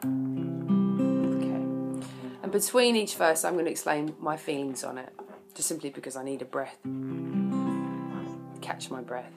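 A woman's voice: low voice, normal speed, vocal fry, long pauses, loud music behind the voice. A woman chatting casually between verses of a song she plays, explaining it with self-deprecating jokes. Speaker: amateur singer explaining a song.

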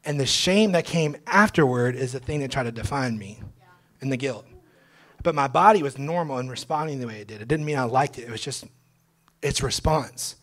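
A young man, a pastor, telling his testimony to a church congregation in a casual, slangy way, at times breaking into loud joyful shouts. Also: medium pitch. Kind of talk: testimony sermon. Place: church sanctuary.

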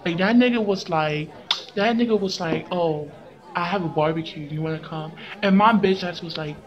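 A woman's voice: lowish voice, normal speed, lo-fi sound, voice pushed down, natural voice. A young woman voicing a boastful teenage schoolgirl who talks in slang and swears freely. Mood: bragging. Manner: slangy, profane, bragging. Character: boastful teen schoolgirl with a crush.

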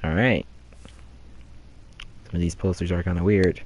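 A man's voice: low voice, fairly even intonation, measured pace, darkish tone, a little hiss or hum. A man streaming a video game, casually reading posters aloud and joking and laughing at them. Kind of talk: casual let's-play commentary.

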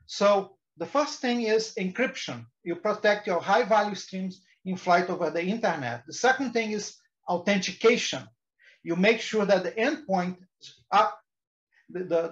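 Man giving a halting technical talk. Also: high voice, lo-fi sound. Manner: hesitant, frequent restarts and fillers. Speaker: engineering presenter. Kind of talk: technical presentation.

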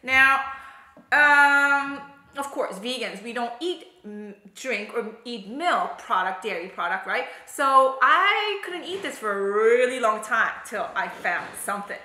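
A woman hosts a home cooking and mukbang vlog, chatting animatedly to the camera and laughing often. Her voice is fairly high, pushed and bright, and her pace is unhurried. The room she records in is echoey.

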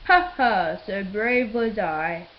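A woman's voice: mid-range voice, takes it slowly, dull audio, slight background noise, lightly acted. A woman narrating a rhyming storybook in the voice of a boastful man who chops down trees. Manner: boastful, sing-song rhyming. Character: boastful male tree-chopping builder, narrating.

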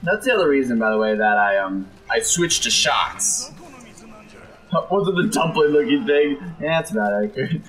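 A young man giving jokey, excitable let's play commentary, reacting to the game and putting on silly voices for the enemies. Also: medium pitch, unhurried. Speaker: gameplay commentator.

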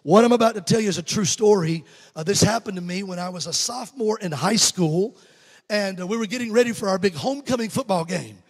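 A fifty-something evangelist from Alabama, speaking with a Southern American accent, jokes with his congregation while preaching a humorous story in the church sanctuary. His voice sits high and quick, trailed by a long reverb tail.

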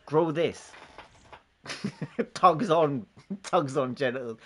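A man's voice: fairly high pitch, very animated, takes it slowly, long pauses, fairly bright tone. A man casually chatting on a gaming live stream, joking, swearing and laughing often as he banters with friends and chat.

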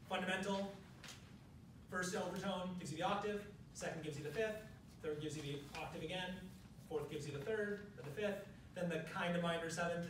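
A man's voice: fairly high pitch, background noise. A man presenting a music education workshop, explaining step by step and demonstrating on piano. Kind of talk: workshop lecture. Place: large room at a professional development session. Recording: echoey room, distant mic, piano.

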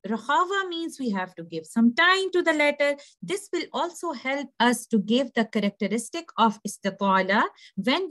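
Woman teaching recitation, patient and slightly high. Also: a bit bright. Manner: patient, explanatory, demonstrates pronunciations slowly. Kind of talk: tajweed lesson.

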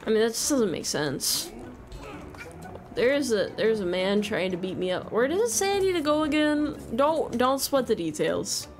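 A woman's voice: fairly high pitch, very animated, moderate pace. A woman streamer giving casual, jokey commentary while playing a video game, swearing, laughing and yelping in panic. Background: game music.

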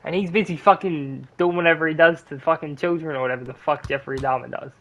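A man's voice: a little high, steady tone, quick pace, a bit bright, slight background noise. A young man streaming a basketball video game, cursing and ranting at the game while talking to his chat in mumbled asides. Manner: profane, frustrated ranting at the game. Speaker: gaming streamer. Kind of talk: live gameplay commentary to chat.

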